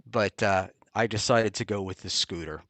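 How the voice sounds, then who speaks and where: A man hosting a casual talk show, rambling and halting with many ums and restarts. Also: fairly low pitch, fairly bright tone, no echo. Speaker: podcast host. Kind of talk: casual chat. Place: Hoboken area, New Jersey.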